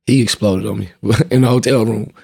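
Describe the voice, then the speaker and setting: A young man and father, a guest speaking in a relaxed, earnest and soft-spoken way. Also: fairly low pitch, moderate pace, creaky, husky, no room sound, studio quality. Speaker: guest, father and youth baseball mentor. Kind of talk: casual conversation.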